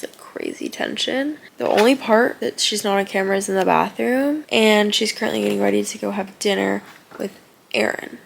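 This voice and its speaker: A young woman vlogging about a book she is reading, reading passages aloud and reacting excitedly, with lots of "like" fillers. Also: mid-range voice, gravelly, a little hiss or hum. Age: young adult.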